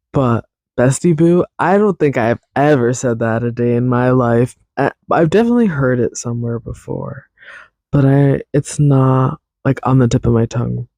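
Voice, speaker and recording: A man's voice: medium pitch, normal speed, vocal fry, dark tone, dry recording. A man hosting a podcast alone, rambling in a chatty, self-teasing way. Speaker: podcast host. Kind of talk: casual solo podcast chat.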